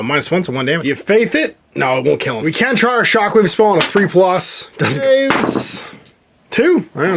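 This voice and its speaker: A man's voice: a little high, a bit bright, a little hiss or hum. A man casually narrating his own board game session, counting moves aloud and chuckling to himself. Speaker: host playing a solo board game.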